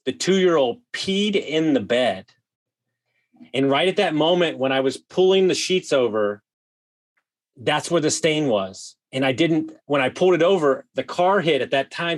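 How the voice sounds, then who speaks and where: A man telling a wild story as a podcast guest, animated, swearing freely and full of "like" fillers. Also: a little high. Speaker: guest, vacation rental host. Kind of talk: casual storytelling.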